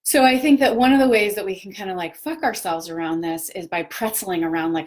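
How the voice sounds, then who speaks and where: A woman's voice: fairly low pitch, fast talker, few pauses. A woman, a parent, hosting a casual live talk on personal growth, chatty and reflective, with many fillers and self-corrections. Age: adult parent of children. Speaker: host of a live video talk.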